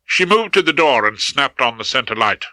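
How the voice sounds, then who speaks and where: A man's voice: medium pitch, sing-song, moderate pace, bright, forceful tone, no echo, poor audio. A man reading a first-person audiobook with wry, dry humour. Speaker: audiobook narrator.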